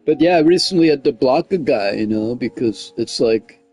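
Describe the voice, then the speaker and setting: On a gaming livestream, a man chats and rambles casually, packing in "like" and "you know what I mean," and he gets heated and loud as he retells a conflict. His voice is medium-pitched, husky and animated at a normal speed, with faint music behind him.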